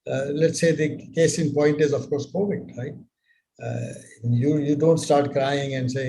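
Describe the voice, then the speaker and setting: An older man giving business advice in a live mentorship session, speaking in a measured way with many rhetorical questions. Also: on the high side, steady tone, creaky, dark tone, a little hiss or hum, poor audio.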